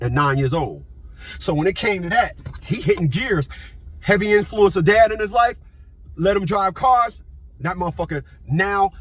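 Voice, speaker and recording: A man's voice: on the high side, a bit bright, breathy edge. A man in his fifties telling a story in a blunt, profane casual monologue, repeating himself as he goes. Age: 50s.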